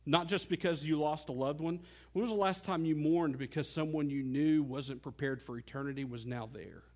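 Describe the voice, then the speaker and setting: A middle-aged male pastor preaching a sermon earnestly, swinging between soft low passages and loud climbing ones. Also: normal speed.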